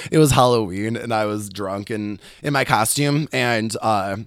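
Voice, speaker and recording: A young man telling personal stories in casual chat, animated and swearing often, acting out what others said. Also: on the low side, normal speed, no room sound, studio quality. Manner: animated, swearing, quoting others in acted voices. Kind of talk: casual storytelling.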